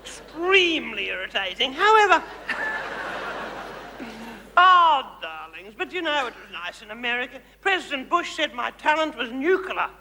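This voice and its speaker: Man playing a gushing Australian diva, high-pitched. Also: sing-song, moderate pace, heavily acted. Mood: teasing. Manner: camp, teasing, gushing, calls audience darlings. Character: glamorous vain older female megastar, ex-housewife. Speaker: stage comedian. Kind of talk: live stage comedy monologue. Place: large theatre stage before an audience. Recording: reverberant theatre hall, audience noise, VHS broadcast.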